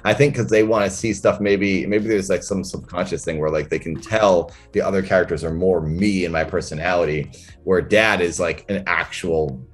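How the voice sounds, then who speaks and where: A man's voice: sits low, steady tone, moderate pace, soft background music. A man talking as a guest in a casual interview, reflective and thinking aloud about his work. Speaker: interview guest, comedian and character performer.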